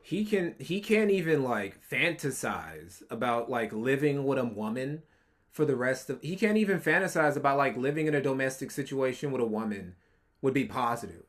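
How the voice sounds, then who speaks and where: A man's voice: medium pitch, lively intonation, normal speed. A man streaming a reaction, giving mocking, profane commentary on a clip.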